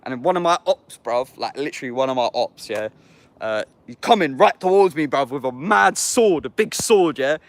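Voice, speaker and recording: A young man with an English accent holds forth in casual livestream chat. His speech is loose and slang-heavy, with frequent swearing as he answers comments from his viewers. His voice sits at an average pitch. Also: expressive, normal speed, dry recording.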